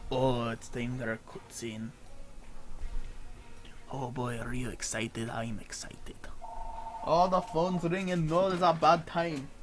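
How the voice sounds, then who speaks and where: A man's voice: medium pitch, fairly even intonation, slow, pauses often, faint music behind. A man streaming a game, giving rambling, self-mocking commentary with a strained, tired voice. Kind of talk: casual gameplay commentary.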